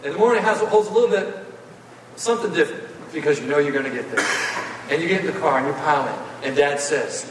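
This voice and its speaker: Folksy preacher in an echoing hall. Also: male voice, fairly high pitch, quick pace, far from the mic, noisy background. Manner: folksy, animated, playful. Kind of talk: sermon storytelling. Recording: echoey hall, voice from afar.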